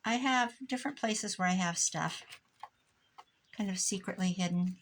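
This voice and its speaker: A woman's voice: mid-range voice, moderate pace, slight background noise. A middle-aged woman from Iowa talks in a loose, rambling way while she crafts at home. Her chat drifts from one tangent to the next. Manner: rambling, chatty, wanders off on tangents. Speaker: crafter vlogger.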